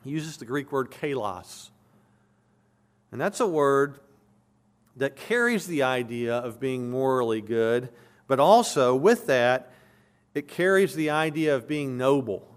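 A man's voice: medium pitch, animated, a little slow. A male pastor preaching an expository sermon, reading scripture aloud and explaining it verse by verse with earnest emphasis.

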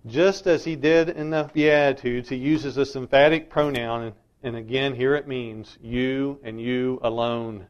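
A man's voice: medium pitch, fairly even intonation, unhurried, hardly any pauses, dull audio. A middle-aged man preaching a sermon as a pastor, emphatic and insistent.

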